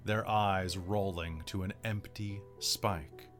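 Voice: low voice, fairly even intonation, slow pace, over loud music. An American game master narrating a tabletop game in a loose, rambling way with many fillers and self-corrections. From United States.

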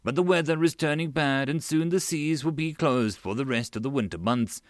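A man's voice: fairly high pitch, normal speed, no echo, clean studio sound, lightly acted. A man voicing a flirtatious, pompous male fleet master who speaks in flowery, eager compliments. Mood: charming.

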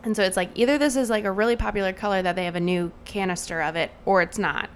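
A woman's voice: medium pitch, fairly even intonation, quick pace, slight background noise. A young adult woman co-hosting a podcast, telling a rambling story full of "like". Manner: chatty storyteller, lots of "like". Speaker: podcast co-host. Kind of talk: casual chat.

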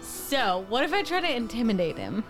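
A woman playing a tabletop game, loud, profane and often laughing. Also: a little high, very animated, brisk, music in the background. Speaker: player. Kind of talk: tabletop role-play banter.

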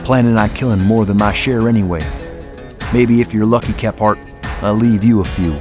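A man's voice: lowish voice, steady tone, moderate pace, lightly acted. A man voicing a blunt, wisecracking frontiersman in a folksy drawl-free manner, over a music bed. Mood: gruff joking. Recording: music playing underneath.

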